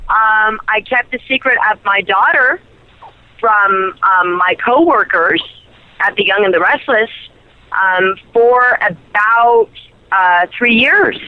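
A woman's voice: mid-range voice, takes it slowly, clear, resonant tone, no echo. A woman, an actress guest, telling a personal story in a chatty, giggly way with lots of fillers, heard over a phone line. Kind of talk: casual chat.

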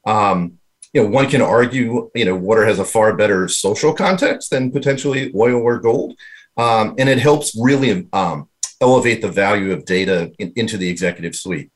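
A man's voice: lowish voice, normal speed. A man speaking as a panel guest, thinking aloud with frequent restarts. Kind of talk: discussion talk.

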